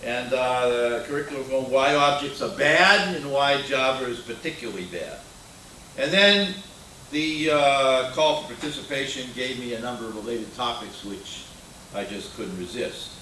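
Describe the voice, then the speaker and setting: Older male keynote speaker, bright tone, blunt and anecdotal, picked up from afar in an echoey hall. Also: mid-range voice, lively intonation, normal speed, a little hiss or hum. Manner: opinionated, anecdotal, with frequent uh fillers. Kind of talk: conference keynote talk. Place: conference hall. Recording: roomy hall sound from a distant mic.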